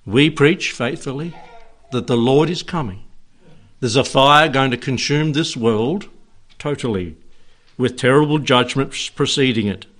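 Slow, earnest man preaching a sermon. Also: medium pitch, a bit bright. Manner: slow, earnest, emphatic preaching with long pauses. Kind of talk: sermon and prayer.

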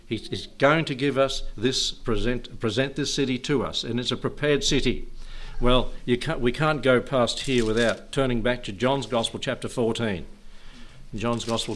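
A man preaching a sermon at a church service. He chuckles often between phrases and reads scripture slowly, lifting his voice for emphasis. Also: medium pitch, a bit bright, a little hiss or hum. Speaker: pastor.

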